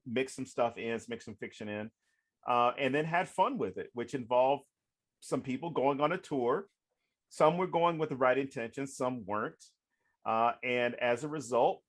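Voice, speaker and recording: A man, a guest author on a podcast, telling stories in a casual, animated way, laughing often and acting out what people said. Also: mid-range voice. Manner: animated, profane, acts out quoted dialogue.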